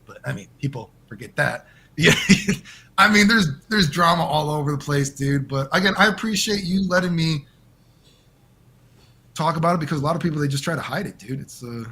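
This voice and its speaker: A man as the guest in a casual interview over a call, rambling and animated and swearing often. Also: fairly high pitch, brisk, slightly rough.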